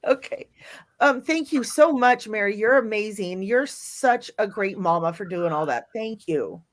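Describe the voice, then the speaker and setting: A woman's voice: mid-range voice, expressive, a little slow. A woman hosting a live chat, chatty and upbeat, addressing viewers and guests directly. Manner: warmly upbeat, chatty, reads viewer messages. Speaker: live-stream host. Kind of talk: casual live-stream hosting.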